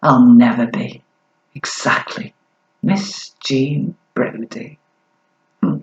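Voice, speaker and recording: A woman performs her own poetry slowly and defiantly, drawing out every line. Her voice sits low but swings widely in pitch. An echoey room surrounds her. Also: very animated, dull audio. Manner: defiant, deliberate, drawn-out delivery. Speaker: performance poet. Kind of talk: spoken-word poetry performance.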